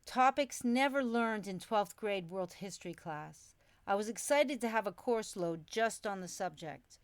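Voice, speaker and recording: A woman's voice: mid-range voice, animated, a little slow, no echo. Woman narrating a memoir, dry close sound. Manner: reflective, storytelling.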